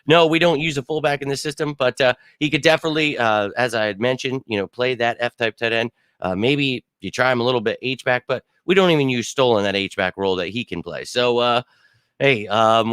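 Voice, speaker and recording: A man's voice: medium pitch, a bit bright, no room sound. A man in the middle of his range, talking straight into a dry, close mic with no room around him. He hosts a loose live-stream football show, rambling on with plenty of fillers and exasperated asides. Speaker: sports podcast host. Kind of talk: casual live-stream commentary.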